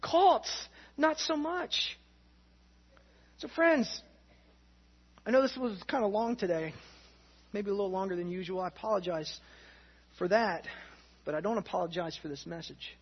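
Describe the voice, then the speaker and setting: A woman preacher giving an earnest teaching sermon, swinging from emphatic to hushed, on a dull lo-fi recording. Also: medium pitch, lively intonation, unhurried, long pauses, slightly rough.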